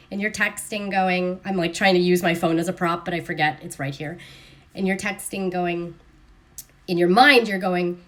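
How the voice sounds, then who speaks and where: Streaming casually from her phone camera, a woman with a mid-range voice talks in an animated, sarcastic way and imitates other people's voices.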